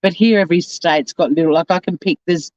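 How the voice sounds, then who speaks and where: A woman's voice: lowish voice, a little fast, a little mellow, dry recording, highs cut off. An Australian woman with a South Australian accent hosting a casual livestream, rambling bluntly and swearing as she reads out comments. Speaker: YouTube livestream host.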